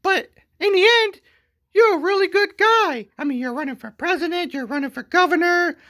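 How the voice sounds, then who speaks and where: Comedic skit: man playing a scheming woman zoo owner, squeaky falsetto, whiny. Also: normal speed, bright, forceful tone, exaggerated voice. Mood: gushing. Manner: shrill falsetto, whiny and plotting.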